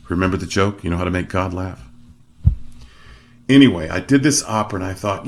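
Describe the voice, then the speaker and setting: A middle-aged opera singer, male, recounts his career in a monologue on a show he hosts, speaking fairly quickly in a low voice. He's lively and self-deprecating, varying his delivery to emphasize points.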